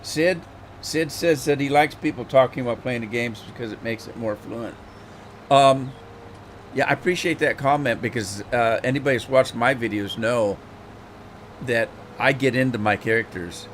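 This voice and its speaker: This is a middle-aged man running a game livestream who rambles through casual chat as he plays, repeating words as his thoughts form. He speaks at medium pitch and a normal speed, with a little hiss or hum on the recording.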